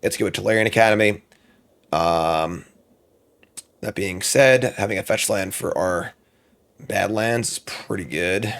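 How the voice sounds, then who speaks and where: A man's voice: on the low side, creaky, fairly bright tone. A man streaming a card game draft, talking casually to himself as he weighs each pick, muttering and now and then flaring up in frustration. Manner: muttering, thinking aloud, quick outbursts of frustration.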